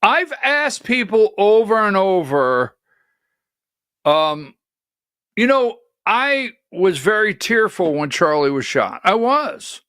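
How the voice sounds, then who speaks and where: Slow and sing-song, a high, bright, forceful, smooth male voice runs a political livestream full of blunt, skeptical, rambling opinion. The recording is dry with clean studio sound.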